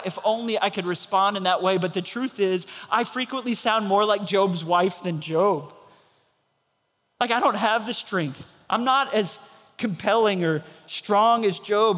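A man's voice: high-pitched, bright, forceful tone, in a large hall. A man preaching a sermon as pastor, telling a story and acting out the voices of the people in it.

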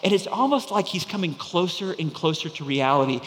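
A man preaching a sermon, swinging from loud proclaiming to hushed, near-whispered lines. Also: a little high, expressive, brisk, long reverb tail. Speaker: pastor.

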